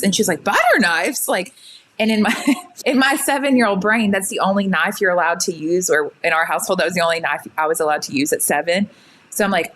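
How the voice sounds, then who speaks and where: A young woman telling her own story in casual chat, full of "like" fillers and quick retellings. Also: medium pitch, fairly bright tone, a little hiss or hum, low-quality recording. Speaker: guest sharing her story.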